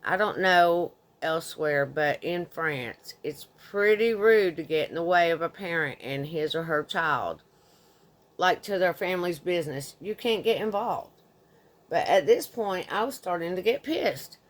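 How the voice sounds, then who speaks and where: A woman's voice: fairly low pitch, expressive, a little slow. A woman in her thirties reading a forum story aloud in an indignant, conversational way. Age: 30s. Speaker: narrator.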